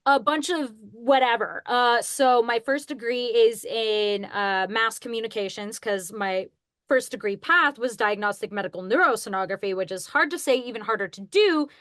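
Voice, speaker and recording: A chatty young woman guest with a fairly high, bright-sounding voice, talking casually on a podcast. The sound is close and dry, with no room around her. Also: normal speed, dry recording. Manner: chatty and bubbly, laughs at herself. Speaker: guest voice actress.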